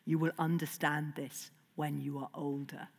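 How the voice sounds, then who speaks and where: Woman doing a low, stern Viking father, firm and lecturing, hall echo. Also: little pitch movement, normal speed, slightly rough. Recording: long hall reverb.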